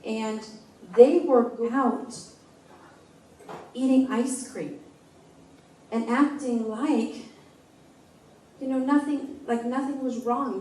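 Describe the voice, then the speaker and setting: A woman in her forties, with a warm, mellow, fairly high-pitched voice, shares a personal testimony slowly and from the heart, often halting to restart her thoughts. She is recorded from some distance in an echoey church room with faint room noise.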